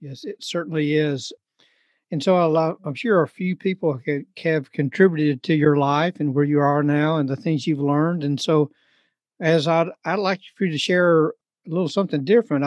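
A man hosting an interview, asking questions in a soft-spoken way. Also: fairly high pitch, no echo. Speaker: podcast host. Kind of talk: casual interview conversation.

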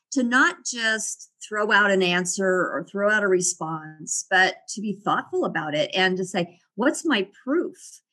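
With a mid-range, fairly bright voice, a middle-aged woman tells personal stories in a relaxed interview. She's reflective and frequently breaks into laughter.

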